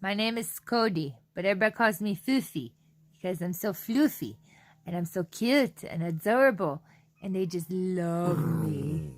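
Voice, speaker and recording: A woman's voice: on the low side, lively intonation, normal speed, no echo. A woman voicing her cute, fluffy pet dog in a sing-song baby-talk voice. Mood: cutesy.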